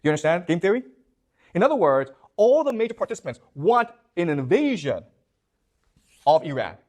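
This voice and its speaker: A man's voice: high-pitched, very animated, moderate pace, a little mellow. A man giving a classroom lecture, posing questions to his students and checking in with them again and again. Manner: keeps checking in with "okay? you understand?".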